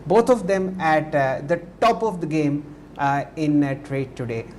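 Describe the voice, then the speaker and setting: A man with an Indian English accent hosting a live stock market show, talking with many drawn-out fillers. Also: fairly high pitch, animated, slight background noise.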